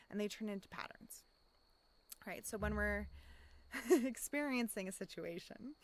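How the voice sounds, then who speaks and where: A woman speaking as a life coach in a casual self-help monologue, reflective, often checking in with "right?" and pausing for audible deep breaths. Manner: acts out inner voices in quotes.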